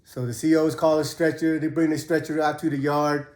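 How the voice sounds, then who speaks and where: Man, slightly high voice, casual and profane storyteller, echoey room. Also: flat delivery, a little fast, darkish tone. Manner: laid-back, profane, acts out quotes in a raised voice. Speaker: host telling prison stories. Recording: roomy echo.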